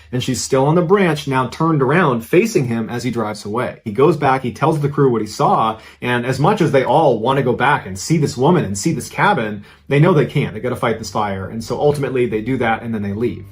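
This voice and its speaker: A man tells a ghost story in a husky, mid-pitched voice. He keeps it conversational and builds suspense, sinking lower and quieter at the tense beats. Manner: conversational, suspenseful, dropping low at tense moments. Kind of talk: spooky storytelling narration.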